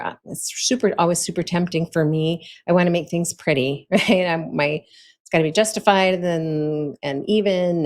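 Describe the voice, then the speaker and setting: A woman with a notably low-pitched voice talks through practical tips in a relaxed, conversational way. She sounds like a friendly host, chatty and informal, often dropping little fillers and soft laughs as she goes. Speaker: host giving advice to authors. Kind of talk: casual instructional talk.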